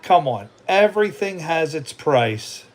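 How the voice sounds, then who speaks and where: A man hosting a casual livestream, excitable and playful, keeps calling on his sidekick. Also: on the high side, unhurried. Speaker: livestream host.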